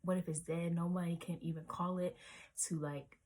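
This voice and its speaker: A woman's voice: lowish voice, level tone, normal speed, a little mellow. A woman in her twenties telling a rambling storytime vlog story, full of "like" and "um", sometimes dropping to a whisper. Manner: rambling, lots of "like" and "um", drops to whispers. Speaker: vlogger.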